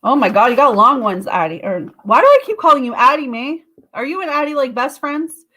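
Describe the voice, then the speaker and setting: Animated woman reading tarot live. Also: a little fast. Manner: expressive, with sudden high exclamations; chatty, talks straight to viewers. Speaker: tarot reader.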